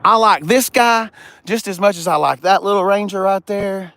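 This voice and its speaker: A man's voice: high voice, normal speed, a bit bright. A man from the Southern United States with a Southern accent, rambling jokily through a casual vlog at a car lot and getting sidetracked. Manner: rambling, easily sidetracked, jokey. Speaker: car vlogger.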